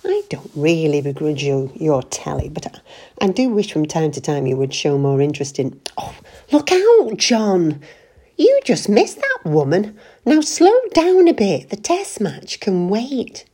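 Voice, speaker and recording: A woman's voice: fairly low pitch, wildly swooping pitch, measured pace, dark tone, breathy edge, full character voice. A woman voicing an anxious, nagging middle-aged wife who scolds her husband. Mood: scolding. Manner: scolding, exasperated.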